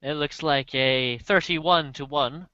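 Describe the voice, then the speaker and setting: Bright-voiced man narrating a pony role-play. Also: on the high side, slow, smooth, no room sound. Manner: casual, playful, chuckling asides. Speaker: game master. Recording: muffled dry lo-fi recording.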